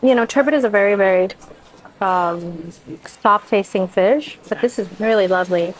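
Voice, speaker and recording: A woman's voice: medium pitch, moderate pace, rough recording. Woman food vlogger gushing over each bite, lots of wows and mms. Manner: effusive, exclaims often while tasting. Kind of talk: casual food review to camera.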